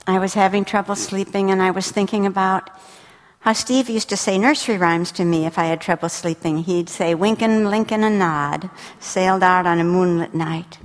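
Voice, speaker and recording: A woman Bible teacher giving a sermon, telling personal stories with intimate warmth and dropping to a soft whisper when she speaks the words of God. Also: medium pitch. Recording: reverberant hall.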